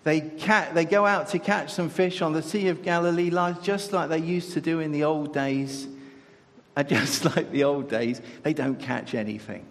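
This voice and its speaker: Gravelly preacher in an echoey hall. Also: male voice, on the high side, steady tone, normal speed. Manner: conversational, with rhetorical questions. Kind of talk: sermon.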